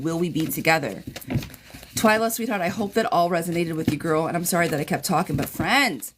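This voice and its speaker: Brief: woman, talkative tarot reader, frank and familiar, faint hiss behind her. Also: fairly low pitch. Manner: chatty, blunt, calls viewers girl and friend. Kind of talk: live-stream reading replay.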